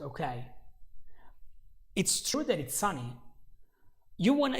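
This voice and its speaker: Guy teaching english on a livestream, slow and patient, kinda gravelly, repeats stuff, jokes around. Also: sits high. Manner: patient, repeats examples slowly, jokes with viewers. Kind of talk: live online English lesson.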